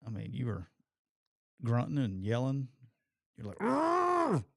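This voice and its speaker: A man's voice: mid-range voice, a little slow, vocal fry, mellow, dry recording, clean studio sound. A man co-hosting a casual sports talk show, easygoing and teasing his partner. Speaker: podcast co-host.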